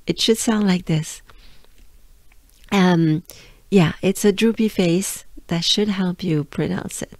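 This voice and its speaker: A woman's voice: on the low side, slow pace, long pauses, no echo, studio quality. A woman from France with a French accent, teaching pronunciation patiently and drilling sounds, her voice a little strained. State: losing her voice. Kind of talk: slow pronunciation lesson with repetition.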